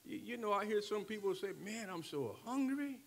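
An older man preaching a sermon, who keeps checking in with the congregation and moves from quiet talk to shouting. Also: sits high, expressive, moderate pace. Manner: call-and-response preaching, swings from soft talk to shouting. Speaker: pastor.

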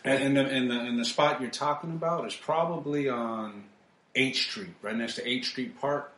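A man's voice: medium pitch, moderate pace, fairly bright tone, echoey room. A man co-hosting a podcast in casual chat, emphatic and fond of repeating short phrases. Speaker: podcast co-host.

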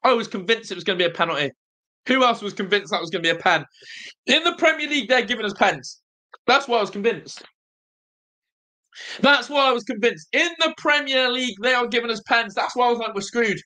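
A young man hosting a live football watch-along, nervous and excitable, groaning low one moment and shouting with joy the next. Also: brisk. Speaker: fan watch-along host.

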